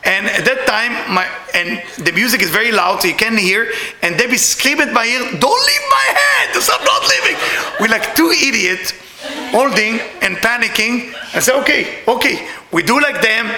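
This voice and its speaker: A middle-aged man telling a personal story in broken English, animated and laughing often. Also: sits high, moderate pace, roomy sound.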